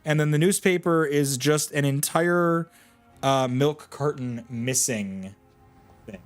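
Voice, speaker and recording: A man's voice: a little high, takes it slowly, soft background music. A man casually commentating a game he is playing, jokey and playful with puns. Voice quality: jokey, playful, given to puns and silly voices. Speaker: gaming streamer. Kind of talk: casual let's-play commentary.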